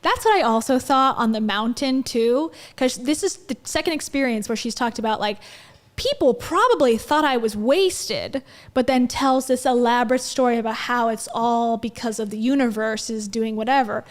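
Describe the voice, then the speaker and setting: Wry, skeptical woman livestream host. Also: fairly high pitch. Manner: wry, skeptical, chatty with viewers. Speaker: livestream host reviewing an event. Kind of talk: casual commentary chat.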